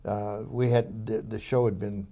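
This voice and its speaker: A mellow-voiced older man recounts his memories as an interview guest. He talks in loose, rambling sentences, full of fillers and false starts. His storytelling is relaxed and anecdotal. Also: lowish voice, a little slow, creaky. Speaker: interview guest, former police officer.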